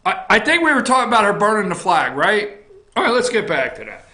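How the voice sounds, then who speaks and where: A man hosting a political opinion show from an office, ranting bluntly with swearing, repetition and frequent shouting. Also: high voice, sing-song, fairly quick, reverberant. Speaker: talk show host.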